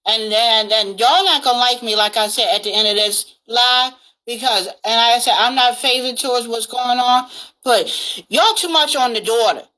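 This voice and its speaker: A woman hosting a livestream, talking forcefully to her viewers and checking in with "okay?" as she makes her points. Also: a little high, moderate pace, low-quality recording. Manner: forceful, addresses viewers directly, repeats "okay?". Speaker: livestream host. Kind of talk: casual livestream commentary.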